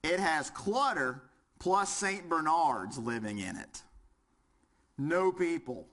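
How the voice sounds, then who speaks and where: A man's voice: a little high, lively intonation, slow, fairly bright tone. A man with a Southern US accent teaching a fire service class, quizzing the audience and joking as he goes. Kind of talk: lecture with audience participation.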